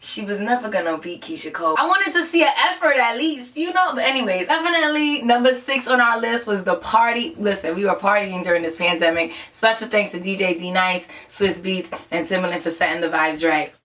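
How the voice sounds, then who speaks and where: A woman hosting an upbeat vlog countdown, talking in an enthusiastic, conversational way and giving lots of shout-outs. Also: medium pitch, brisk, few pauses, far from the mic. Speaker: host of a countdown show.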